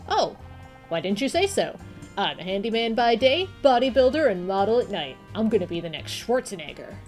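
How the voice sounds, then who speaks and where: Brief: woman playing a boastful lunk of a bodybuilder, soft music behind. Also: mid-range voice, very animated, fairly quick, lightly acted. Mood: eager. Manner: loud, eager, stammering. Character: dim, boastful bodybuilder handyman.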